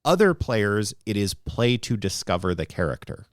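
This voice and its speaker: Low pitched guy, rambly podcast co-host, dry close mic. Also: very animated, moderate pace, no echo. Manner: rambling and thoughtful. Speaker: podcast co-host and game master. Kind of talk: casual podcast discussion.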